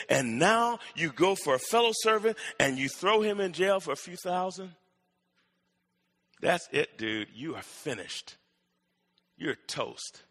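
A stern, commanding king, as a preacher acts him out, handing down judgment in a bright, ringing voice. The words carry a long echo from a large hall. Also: fairly high pitch, pitched above the performer's own voice. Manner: commanding, then scolding. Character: stern male king settling debts. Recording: echoey hall.

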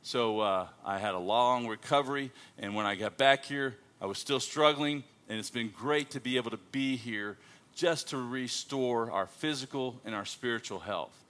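A man's voice: mid-range voice, moderate pace, fairly bright tone. A man preaching as a guest missionary in a church, playful and joking with the congregation. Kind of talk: sermon opening with jokes. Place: church sanctuary.

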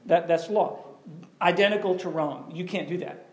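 A pastor with a high voice preaches a sermon at a moderate pace, keeping it conversational and animated and often putting questions to the audience.

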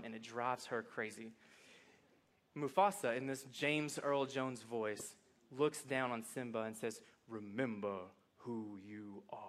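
A man preaching a sermon to a congregation, with a folksy, animated delivery that moves from soft reflection to excited emphasis. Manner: animated, swings from soft reflective lows to loud excited highs; folksy, addresses congregation as y'all. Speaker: pastor. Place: church sanctuary.

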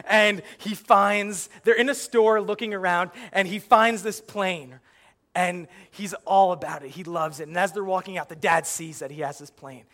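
Casting: young male stand-up comic, high bright voice, animated storyteller. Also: normal speed. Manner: animated storytelling, acts out yelling at the screen. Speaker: stand-up comedian. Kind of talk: stand-up comedy routine.

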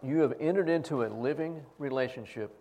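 A man's voice: medium pitch, a little fast, dark tone, a little hiss or hum. A man pastor preaching an earnest Easter-style sermon, telling a personal story and acting out its quotes.

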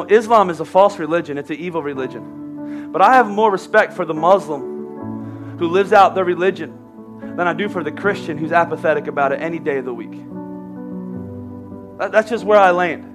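A man preaching a sermon as pastor, emphatic, dropping quiet then rising to shouts, often repeating words as he starts a sentence. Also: high-pitched.

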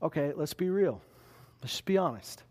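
High-voiced preacher, lively and animated. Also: male voice, moderate pace. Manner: animated, acts out panicked voices with big pitch swings. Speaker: pastor. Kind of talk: sermon.

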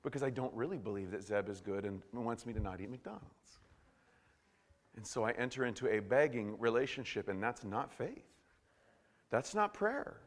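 A man preaching a sermon in an animated way, swinging from hushed to loud. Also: medium pitch, moderate pace, big-room sound. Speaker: pastor.

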